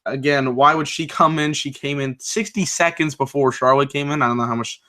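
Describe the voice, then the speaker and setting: A young man talks through a wrestling episode in a loose, rambling way, with plenty of ums and asides. His voice is bright and forceful and sits in a middle pitch. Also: fairly even intonation, brisk. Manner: loose, rambling, many fillers, reads live chat aloud. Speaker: wrestling show reviewer. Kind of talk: casual recap and commentary.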